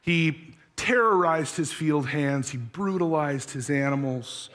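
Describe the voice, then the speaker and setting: A pastor preaching a sermon, earnest, asking the congregation searching questions. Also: male voice, a little high, slow, a bit bright. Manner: tells a story with acted voices.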